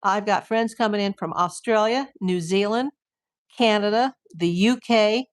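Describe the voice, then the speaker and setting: A woman's voice: medium pitch, unhurried. A woman streaming live from home, chatting casually with her viewers and rambling with lots of "like".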